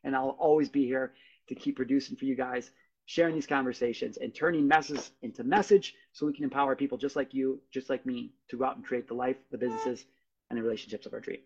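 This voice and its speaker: A man's voice: medium pitch, steady tone, fast, slight background noise. A man hosting his own podcast, speaking earnestly and casually in a motivational solo monologue. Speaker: podcast host. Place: podcast studio. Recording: dull lo-fi sound.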